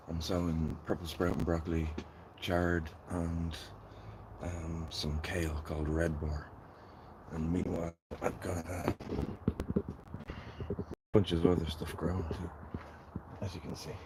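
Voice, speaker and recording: Low-voiced Dublin man, rambling gardening-stream host talking to chat, with steady noise behind him. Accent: Dublin Irish. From Ireland. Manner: chatty, rambling, talks to his viewers while working. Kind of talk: casual live-stream chat.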